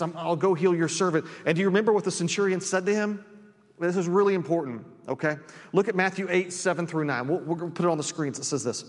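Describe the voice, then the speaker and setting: High-voiced pastor preaching in a reverberant church. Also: male voice. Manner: earnest, repeats words when stressing points. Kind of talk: sermon.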